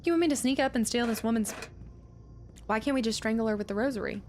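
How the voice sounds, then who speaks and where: A woman's voice: fairly high pitch, quick pace, a little hiss or hum. A woman game streamer chatting casually and giggling with her viewers. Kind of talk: casual live-stream chat.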